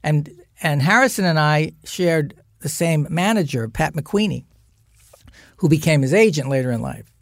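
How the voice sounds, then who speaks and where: An older man, an actor guest in a podcast studio, telling lively anecdotes in casual chat and acting out the voices of the people he quotes. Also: a little high, moderate pace, vocal fry, no echo.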